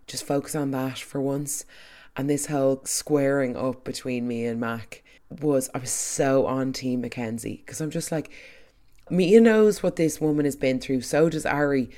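A speaker giving a chatty, opinionated recap of a soap opera, with quick asides and restarts. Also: mid-range voice, warm tone. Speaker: soap recap podcast host. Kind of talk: casual chat.

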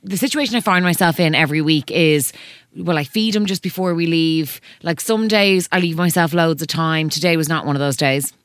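A woman's voice: sits low, fairly quick, clean tone, dry recording, clean studio sound. A woman in her thirties with an Irish accent, co-hosting a podcast in casual chat and telling a story while stopping and restarting herself. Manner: chatty, self-interrupting storyteller. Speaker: podcast co-host. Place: radio studio.

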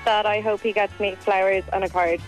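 A woman's voice: medium pitch, little pitch movement, fairly quick, soft background music. A woman calling into a podcast, the girlfriend of one host, giggly and blunt as she answers quiz questions. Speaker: caller, a host's girlfriend. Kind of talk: phone-in chat.

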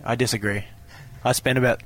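A man's voice: mid-range voice, fairly even intonation, brisk, a bit bright. A young man, a band member guest who speaks in a dry, self-mocking way.

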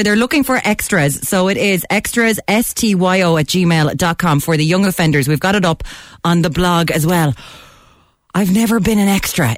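A woman's voice: fairly low pitch, dry recording, studio quality. A woman hosting a radio show, teasing and playful as she interviews guests and takes calls. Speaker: radio host.

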